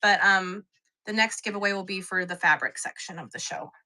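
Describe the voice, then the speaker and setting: This young live shopping seller talks quilting supplies on a stream in a mid-range, sharp-toned voice, speaking a little fast. She's chatty and self-mocking, breaking into laughter often.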